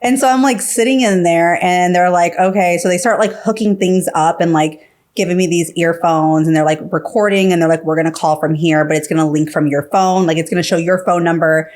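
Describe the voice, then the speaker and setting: A woman's voice: on the low side, steady tone, brisk, darkish tone. A woman guest on a podcast, telling her story casually, full of fillers and acting out what others said. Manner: filler-heavy, acts out quoted dialogue.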